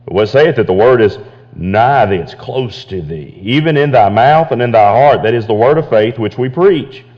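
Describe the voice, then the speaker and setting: A man's voice: mid-range voice, animated, normal speed. A pastor with a drawl delivers a sermon in an ordinary mid-range male voice, circling back over his phrases and stammering into restarts. His sound is a touch dull and muffled, as if taken from a church recording. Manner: preaching with repetitions and stammered restarts, rising to emphatic.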